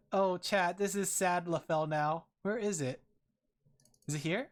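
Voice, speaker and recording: A woman's voice: fairly low pitch, steady tone, a little slow. Giggly Australian woman streamer. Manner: playful and giggly, joking dramatically with chat. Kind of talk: casual stream chat with viewers.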